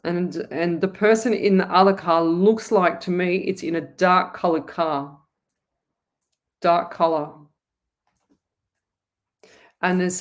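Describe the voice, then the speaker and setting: A woman's voice: lowish voice, unhurried. A woman with an Australian accent hosting a live online psychic reading show, chatty and rambling, talking straight to her viewers. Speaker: psychic medium host.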